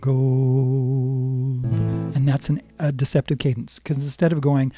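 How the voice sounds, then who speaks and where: A man's voice: mid-range voice, fairly even intonation, brisk. A man teaching a live-streamed guitar lesson, explaining music theory patiently and singing bits of the melody. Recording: guitar playing behind voice.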